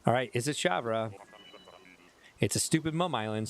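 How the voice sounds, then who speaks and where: A Chicago-accented man speaks at a normal speed in an animated, medium-pitched voice. A little buzzed from whiskey, the streamer rambles loosely during his game livestream, cracking self-mocking jokes as he addresses viewers in chat.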